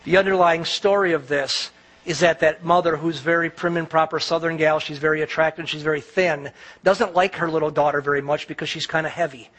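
Sex: man. Role: pastor. Style: conversational sermon. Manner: restarts, emphatic repeats. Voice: high-pitched. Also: steady tone, brisk, a bit bright, low-quality recording. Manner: conversational storytelling, frequent restarts and emphatic repetition.

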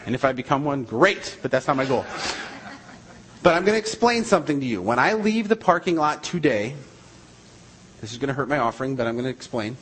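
A man's voice: medium pitch, quick pace, fairly bright tone, slight background noise, poor audio. A man, a missionary, preaching a sermon and telling a story in an emphatic, repetitive way.

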